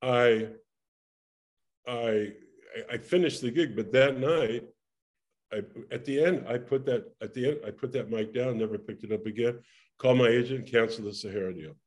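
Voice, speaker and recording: An older man, a guest in an interview, tells a lively story from his performing days, laughing often and restarting his sentences. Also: mid-range voice, normal speed. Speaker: interview guest, former actor and singer. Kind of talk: casual anecdotal storytelling.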